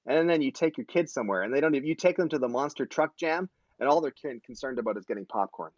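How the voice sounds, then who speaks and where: A man's voice: medium pitch, expressive, fast talker, dry recording, highs cut off. A man in his forties hosting a casual live-stream chat, rambling and joking, often correcting himself mid-sentence. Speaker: host.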